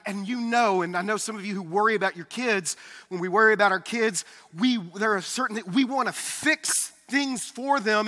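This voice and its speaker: Middle-aged man, pastor, earnest sermon, slightly winded, high bright voice in a reverberant sanctuary. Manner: earnest, confessional preaching with frequent restarts. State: slightly out of breath from carrying a heavy backpack. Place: church sanctuary.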